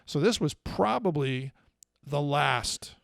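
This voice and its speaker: Gravelly man telling car stories. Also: a little high, expressive, slow pace, dry recording, studio quality. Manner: rambling storyteller, many fillers and restarts. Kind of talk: casual storytelling chat.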